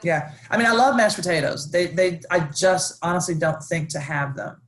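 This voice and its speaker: A woman chef, chatting casually and enthusiastically on a live stream, with lots of restarts and excited asides. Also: on the low side, moderate pace. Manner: animated, gushing, chatty with many restarts. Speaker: celebrity chef guest.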